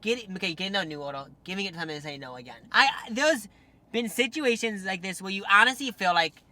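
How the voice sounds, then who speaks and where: A young man hosting a casual chat, reading viewer stories aloud with giggly, animated storytelling and lots of fillers. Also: sits high, fast talker, dry recording. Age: young adult.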